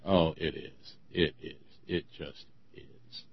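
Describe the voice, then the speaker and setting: A man co-hosting a talk show, talking in a sarcastic, ranting way with many halting restarts. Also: a bass voice, fairly even intonation, vocal fry, breathy edge, dry recording, muffled recording. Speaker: podcast co-host. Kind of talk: casual opinion talk.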